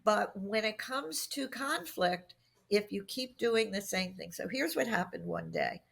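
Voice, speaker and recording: A middle-aged woman speaks as a podcast interview guest, spinning anecdotes and acting out what people said. Her voice has a gravelly, creaky edge, and her pitch sits in an ordinary middle range. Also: measured pace. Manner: animated anecdotes with acted-out quotes. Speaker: guest expert on workplace communication.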